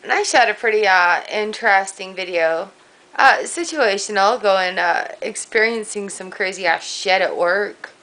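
A woman's voice: mid-range voice, a little slow, bright, forceful tone, poor audio. A woman chatting casually in a home vlog, bubbly and giggly. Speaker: vlogger.

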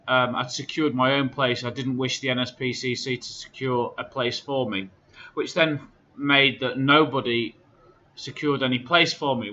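A man's voice: mid-range voice, bright, forceful tone, muffled recording. A man giving a casual vlog update, aggrieved as he recounts phone calls with indignant quotes. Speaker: charity runner.

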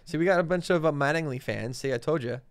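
Male co-host, casual and chatty, smooth clear voice, dry close mic. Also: on the high side, fast, no echo. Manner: easygoing, lots of fillers, names cards aloud. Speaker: co-host opening card packs. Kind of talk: casual chat.

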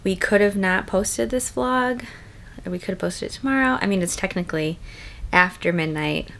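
A pregnant young woman talks to her vlog audience in a loose, chatty way, filling pauses with likes and ums. Her voice sits at a middle pitch and often drops to a hushed late-night murmur. A faint hiss runs underneath. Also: gravelly. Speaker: vlogger. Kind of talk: casual chat.

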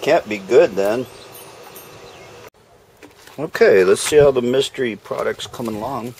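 At a backyard smoker, a man films a relaxed barbecue vlog, joking folksily with the audience and talking to what he's cooking. His medium-pitched voice is darkish and a bit slow, and the low-quality recording has a faint hiss or hum.

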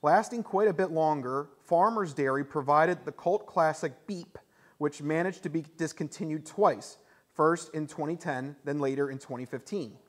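A man hosting a charity game show stream, upbeat and quick to laugh. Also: fairly high pitch.

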